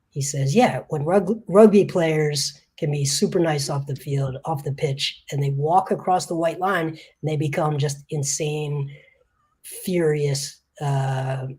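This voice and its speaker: A woman with a low, husky voice tells a story in a casual podcast chat. She is animated and laughs between punchlines.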